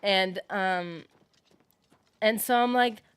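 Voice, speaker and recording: A woman livestreaming a game talks with her viewers in a loose, rambling way. Her voice sits at an ordinary middle pitch. She fills pauses with plenty of fillers and reads out the chat's comments as she goes. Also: clear, resonant tone, no echo. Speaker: streamer playing a game. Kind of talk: casual livestream chat.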